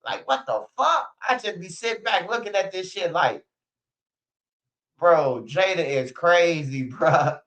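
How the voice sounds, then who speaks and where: A man's voice: a little high, a little slow, a bit bright, rough recording. A man ranting bluntly in casual street slang, repeating himself and swearing often. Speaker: streamer.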